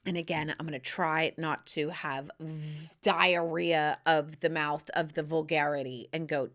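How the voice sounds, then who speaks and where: A middle-aged woman hosting a casual solo podcast, profane and playful, swinging from loud squeals to hushed whispers. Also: fairly low pitch, lively intonation, unhurried, few pauses. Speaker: podcast host.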